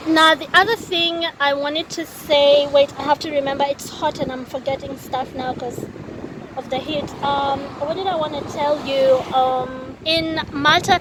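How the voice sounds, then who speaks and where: A woman from Kenya telling a story in a casual vlog, chatty and animated, laughing often, recorded outdoors by a busy road near the sea. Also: high-pitched. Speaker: vlogger. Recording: noisy outdoor street ambience.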